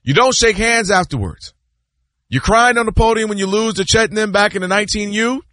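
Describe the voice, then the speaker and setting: A man debating basketball on a sports show, emphatic and lively, acting out players and fans as he argues. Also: high-pitched, dry recording. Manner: emphatic, acts out players and fans in quick voices.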